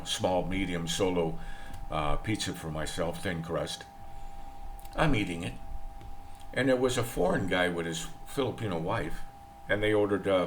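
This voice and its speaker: An older American man with a deep voice delivers a rambling, opinionated vlog monologue from the Philippines, repeating himself along the way. The recording carries a little hiss or hum.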